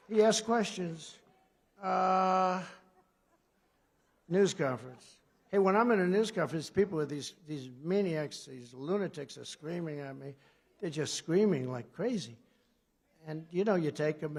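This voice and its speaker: A man in his seventies from the United States, his voice pitched fairly high with a gravelly, creaky edge. He talks off-script in a rambling, sarcastic rally style, swinging from loud emphatic lines to murmured asides. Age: 70s. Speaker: political speaker at a conference. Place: large conference hall before an audience.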